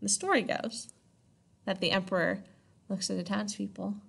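A woman's voice: mid-range voice, fairly even intonation, normal speed, vocal fry, slightly rough. A woman teaching a history lesson in a casual, chatty way, often checking in with her listeners. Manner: chatty, checks in with 'right?' and 'okay?'. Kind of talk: casual classroom lecture.

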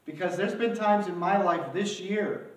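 A male pastor preaching a sermon in a church, with dramatic swings between loud outbursts and hushed emphasis. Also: high voice, unhurried, distant mic. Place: church, alone without live audience. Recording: very echoey room, voice from afar.

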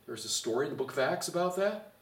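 Lively pastor in an echoey hall. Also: male voice, on the high side, fast talker. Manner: animated, sarcastic, gets loud when excited. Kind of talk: Bible study teaching. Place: church. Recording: echoey room, mic far off.

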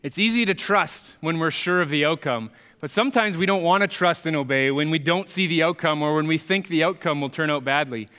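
A man's voice: fairly high pitch, brisk, sharp tone, clear, resonant tone, big-room sound. A man preaching a sermon as a pastor, in a conversational, storytelling manner. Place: church sanctuary.

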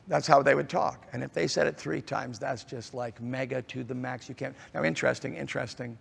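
Gravelly pastor preaching in a big hall. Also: male voice, medium pitch, a bit bright. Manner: halting, many fillers, drops to near-murmur then rises. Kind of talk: sermon. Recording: long reverb of a large hall.

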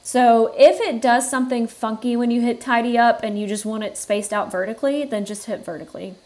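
A woman hosting a software tutorial, explaining each step in a relaxed way and thinking aloud with fillers as she works. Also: a little high, a little fast. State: has the hiccups. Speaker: tutorial host. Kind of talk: screen-recorded software tutorial.

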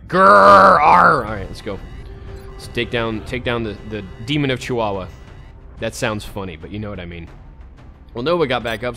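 A man recording casual gameplay commentary as a let's play host, talking to himself and breaking into frustrated outbursts. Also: on the low side. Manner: talks to himself, swings into sudden frustrated outbursts.

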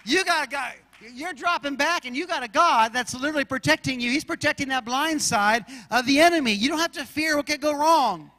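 A man from Arizona preaching a sermon as pastor, telling stories in an animated way and acting out shouts and roars. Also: very high voice, brisk, few pauses, long reverb tail. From Arizona, USA.

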